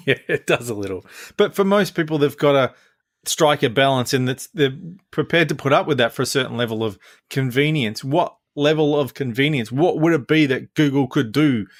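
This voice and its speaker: A man's voice: medium pitch, normal speed, no echo, studio quality. A man with an Australian accent co-hosting a tech podcast, asking questions in an easygoing way and laughing easily. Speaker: podcast co-host. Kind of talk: casual podcast chat.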